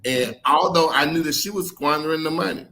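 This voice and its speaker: Talking fairly quickly in a slightly high voice, a middle-aged author recounts personal stories during an interview. He's animated and blunt, mimicking others' words as he goes, with casual swearing and laughter.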